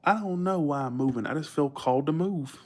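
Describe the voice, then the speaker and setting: A man from Georgia with a Southern accent, chatting bluntly and quickly to his livestream viewers, swearing freely. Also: on the high side. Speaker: livestream host. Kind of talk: casual livestream chat.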